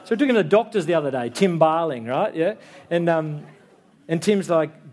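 A man's voice: on the high side, expressive, moderate pace, darkish tone. A man in his thirties preaching a sermon in a church, talking in a conversational way and checking in with the listeners. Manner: conversational, tag questions like "yeah?". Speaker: pastor.

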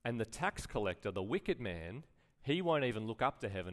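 A man's voice: on the low side, very animated, brisk, few pauses, a bit bright. Guy giving a sermon, chatty, lots of questions, voice swings up and down a lot. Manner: conversational preaching, rhetorical questions, acted-out quotes. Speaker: pastor.

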